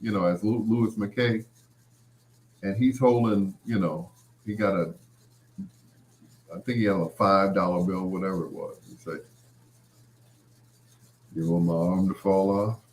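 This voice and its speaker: A middle-aged man, hosting a show and telling stories in an animated way, laughing often and full of "you know" asides. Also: low-pitched, normal speed, pauses often. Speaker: podcast host. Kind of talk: storytelling monologue.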